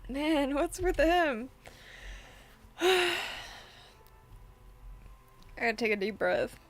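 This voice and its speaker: Young woman streamer, high voice, slow drawn-out talk, keeps sighing and groaning at the game. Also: expressive, soft background music. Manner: exasperated, sighing, filler-heavy reactions. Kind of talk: casual gameplay commentary.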